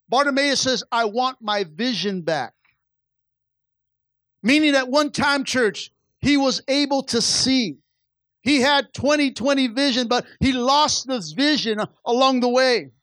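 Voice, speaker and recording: High-voiced male pastor preaching. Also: a bit bright, no room sound. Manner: preaching with rising and falling intensity, many repetitions and stammered restarts. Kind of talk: sermon.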